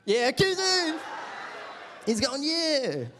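A man's voice: very high voice, big pitch swings, very slow, noisy background. A young adult man, a pastor preaching a sermon in church, telling a funny story with call-and-response to the congregation.

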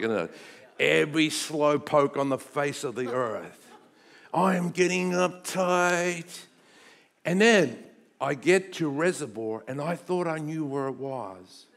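A middle-aged man, preaching a sermon and telling a personal story in an animated way, dropping to hushed tones and rising to loud bursts. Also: fairly high pitch. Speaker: pastor.

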